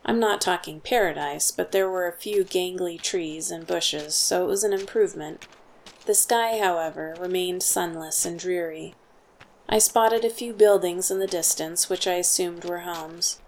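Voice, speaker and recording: A woman reading a first-person story as a steady audiobook narrator. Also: on the low side, moderate pace, slight background noise.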